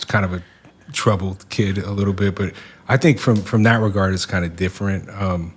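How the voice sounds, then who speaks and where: A man in his forties from the Seattle area, a podcast guest talking in a reflective, soft-spoken way with many fillers. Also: deep voice, moderate pace, a little hiss or hum. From Seattle area, USA. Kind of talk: casual podcast conversation.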